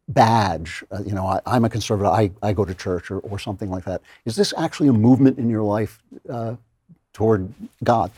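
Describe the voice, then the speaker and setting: A middle-aged man hosting a conversational interview, animated, with stammering restarts. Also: fairly low pitch, slightly rough, no room sound, studio quality. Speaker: interview host.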